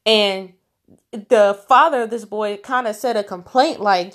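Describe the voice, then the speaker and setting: A woman's voice: medium pitch, a little slow. A woman reading scripture aloud and commenting on it in an informal, conversational way, with many fillers and restarts and bursts of emphasis. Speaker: Bible teacher. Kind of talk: informal Bible study commentary.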